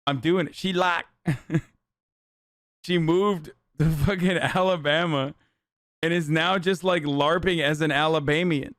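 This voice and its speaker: A man's voice: fairly high pitch, steady tone, measured pace, a bit bright, no echo, clean studio sound. A man streaming live, reacting to clips with sarcastic, slangy riffing commentary.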